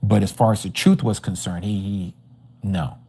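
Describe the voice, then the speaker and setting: A Bible study teacher with a lowish, mellow, husky voice shares his personal testimony at a religious study, speaking at a moderate pace in a steady tone. He tells the story with animation and acts out the dialogue, picked up by a livestream microphone.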